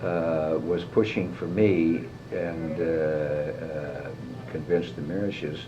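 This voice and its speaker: An older man, a guest actor, telling lively stories in an interview, swearing freely and mimicking others. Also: a bass voice, takes it slowly. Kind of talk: anecdotal interview. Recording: dull lo-fi tape with faint hiss.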